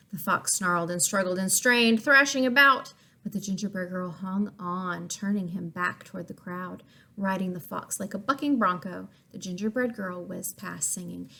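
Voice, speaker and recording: A woman reading a picture book aloud to children, pausing to ask questions and explain words. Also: medium pitch, gravelly. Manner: expressive, asks listeners questions, explains words. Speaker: story reader for children.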